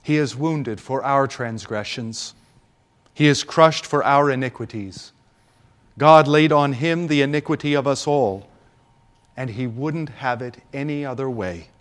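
A man preaching a Good Friday homily with solemn, deliberate delivery and dramatic pauses. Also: medium pitch.

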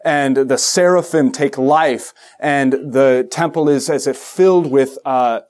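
A male pastor preaching a sermon, animated, with joking asides and acted-out quotes. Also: mid-range voice, slow.

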